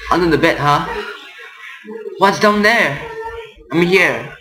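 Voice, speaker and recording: A man's voice: fairly high pitch, animated, takes it slowly, bright, forceful tone. A man giving casual commentary while playing a horror game, chatting and reading game text aloud. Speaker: gameplay reaction streamer. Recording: echoey room.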